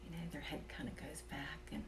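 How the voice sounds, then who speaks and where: A woman telling a personal story in a casual, soft-spoken way, sometimes dropping to a whisper and chuckling between thoughts. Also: low voice, big pitch swings, brisk, background noise. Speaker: vlogger telling a personal experience.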